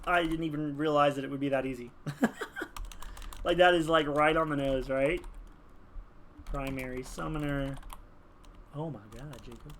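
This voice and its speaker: A gaming video creator with a fairly high, gravelly voice speaks at normal speed over a slight hiss or hum. Building a game character, he chats casually, rambling and animated, with plenty of fillers.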